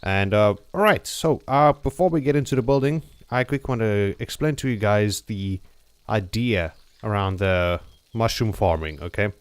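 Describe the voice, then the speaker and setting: A man's voice: on the low side, normal speed, clear, resonant tone, no echo. Chatty man narrating his gameplay. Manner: chatty, jokey, explains step by step with frequent "okay?". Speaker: gameplay channel host. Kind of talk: casual gameplay commentary.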